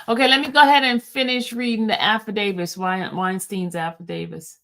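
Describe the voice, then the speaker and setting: Woman, livestream host, casual recap voice, average pitch, talks to viewers. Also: moderate pace, few pauses, fairly bright tone. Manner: stumbles over legal wording while reading aloud. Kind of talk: livestream recap, reading court filings and answering chat.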